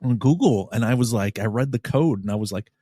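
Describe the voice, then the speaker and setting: A man hosting a podcast, telling a story in a casual, animated, profane way and acting out what people said. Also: mid-range voice, brisk, dry recording, clean studio sound. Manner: animated, profane, acts out quotes. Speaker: podcast host.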